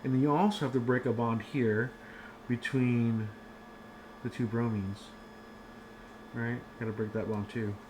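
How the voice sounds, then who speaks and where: A man's voice: mid-range voice, fairly even intonation, unhurried, long pauses, noisy background. A man giving a casual online chemistry lecture from home, chatty and rambling with many fillers and restarts.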